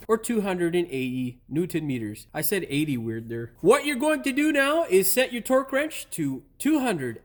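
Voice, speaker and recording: Male mechanic host, slightly high voice that swings wildly, loses his lines and curses in frustration. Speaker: auto mechanic channel host. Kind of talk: bloopers from a car repair video.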